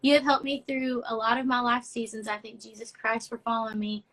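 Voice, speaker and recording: A woman's voice: fairly high pitch, steady tone, brisk, fairly bright tone, poor audio. A young woman hosting a casual live stream, reading fan notes aloud in a chatty, effusive way. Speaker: host of a live social media show.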